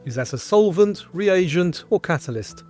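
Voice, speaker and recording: A man hosting a scripted quiz show, reading out questions and answer choices in a clear, measured way. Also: high-pitched, lively intonation, darkish tone, faint music behind. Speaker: quiz host.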